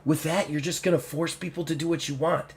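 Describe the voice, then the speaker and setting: A man voicing the soft-spoken wife of an orc warlord, pleading with him. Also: a little high, fairly even intonation, fairly quick, voice pushed up, natural voice. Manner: softer, pleading.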